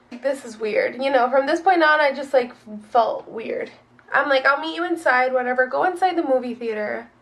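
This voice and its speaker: A woman's voice: high-pitched, a little fast, a bit bright. A young woman telling a dating story in a casual, chatty way, full of "like" and quoted dialogue, a little sniffly from a runny nose.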